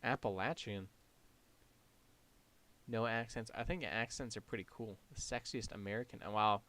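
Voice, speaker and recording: A young man from Canada with a light Canadian accent and a flat, deadpan delivery, reacting wryly while he chats on a gaming stream. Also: fairly low pitch, moderate pace. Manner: wry, sarcastic reactions. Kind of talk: casual gaming stream chat.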